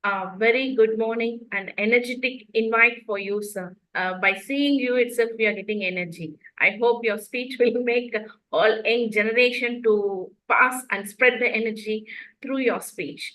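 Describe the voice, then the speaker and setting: A woman's voice: on the high side, normal speed, a bit bright, poor audio. Woman formally introducing a guest. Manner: read-out, with small slips. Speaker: event co-host introducing a speaker. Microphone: video call.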